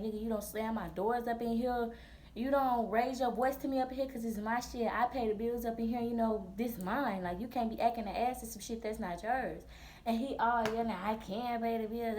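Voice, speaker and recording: A woman in her twenties, a vlogger telling a storytime in a blunt, profane, animated way full of slang. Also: a little high. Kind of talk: storytime vlog.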